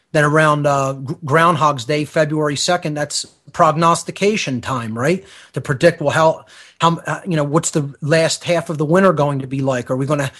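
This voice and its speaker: A man with a somewhat high voice holds forth as a guest on a talk radio show. He explains at length in a teacherly way, checking in with the listener and restarting his sentences as he goes. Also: fairly bright tone. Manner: lecturing, often checks in with "okay?", many fillers and restarts. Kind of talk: explanatory lecture-style talk.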